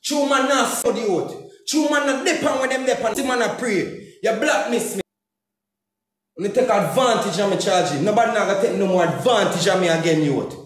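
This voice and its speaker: A man's voice: high voice, a little fast. A man with a Jamaican accent venting heatedly on social media, cursing and repeating himself as he speaks in Patois. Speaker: comedian and YouTuber. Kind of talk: angry social media rant. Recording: very echoey room.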